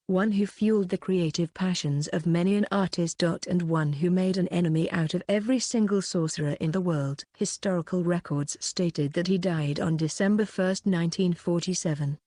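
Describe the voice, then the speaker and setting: A woman narrating an audiobook with a steady, even reading. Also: on the low side, no room sound, studio quality.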